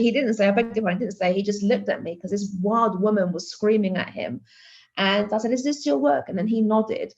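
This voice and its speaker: A woman's voice: mid-range voice, vocal fry, darkish tone, muffled recording. A woman giving a conference keynote as an art teacher, telling a classroom story with many fillers and restarts. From Greece.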